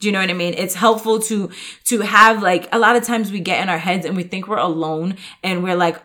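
A woman's voice: medium pitch, fast talker, bright, forceful tone. A woman hosting a podcast, talking as a coach in a chatty, upbeat way with many restarts and fillers. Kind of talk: casual podcast monologue.

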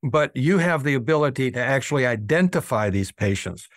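A man's voice: mid-range voice, lively intonation, fairly quick, no room sound, studio quality. An older man, an oral surgeon, earnestly telling patient stories in an interview. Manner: earnest, acts out patient quotes. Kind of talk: storytelling interview talk.

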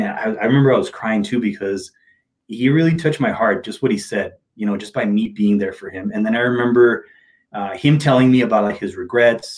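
A man telling personal stories in a casual podcast chat, animated and emphatic. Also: on the low side. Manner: animated, emphatic, slips into quick impressions. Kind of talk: casual storytelling.

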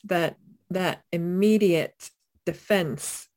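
A woman's voice: fairly low pitch, steady tone, normal speed. A woman in conversation, reflecting candidly on her own behaviour.

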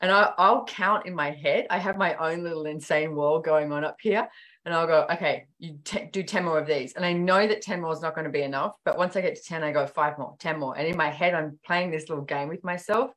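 Chatty woman telling lively stories. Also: sits low, fairly quick. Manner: animated storytelling, acts out quoted dialogue; many fillers like "like" and "you know". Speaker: author and guest. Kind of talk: casual podcast conversation.

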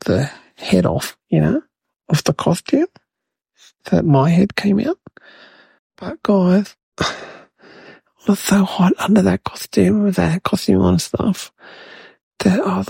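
A man's voice: sits high, creaky, a little mellow, slightly rough, no room sound, heavily acted. A man voicing a mischievous, chatty young boy who rambles to the viewers in a comedic monologue. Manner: rambling, addresses viewers as guys.

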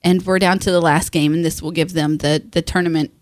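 A middle-aged woman chatting casually, animated and laughing often, with frequent restarts. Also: on the low side, fairly quick, no echo, clean studio sound. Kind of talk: casual chat.

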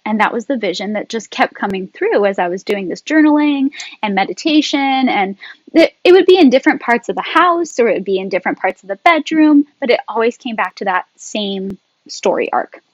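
Chatty, animated woman storyteller. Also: a little high, a little fast, dry recording, dull audio. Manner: animated, chatty, laughs often. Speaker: podcast guest. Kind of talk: casual storytelling.

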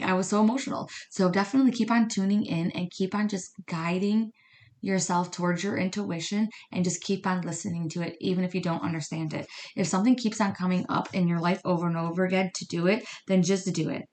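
Chatty woman medium, lowish voice. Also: steady tone, a little fast, a little mellow. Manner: chatty, conversational, frequent "you know what I mean" and "right?". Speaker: medium and card reader. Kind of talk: casual podcast monologue.

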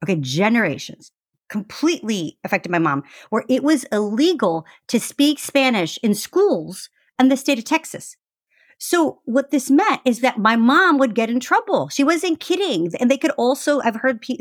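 A woman talking as a podcast guest and author, chatty and animated, with lots of fillers. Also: fairly high pitch, normal speed, no echo, clean studio sound. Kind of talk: casual conversational interview.

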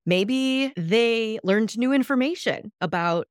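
A woman hosting a solo self-help podcast, talking in a lively coaching tone. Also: a little high, takes it slowly, clear, resonant tone, no echo, clean studio sound. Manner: lively coaching tone, acts out imagined reactions. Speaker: podcast host.

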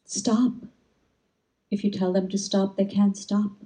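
A woman spiritual teacher giving an inspirational talk, telling stories in a gentle, reflective way. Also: mid-range voice, little pitch movement, measured pace, poor audio.

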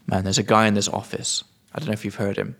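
A man's voice: on the low side, fairly even intonation, quick pace, vocal fry. A man hosting a casual podcast, teaching vocabulary with jokes and casual swearing. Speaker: podcast host and English teacher.

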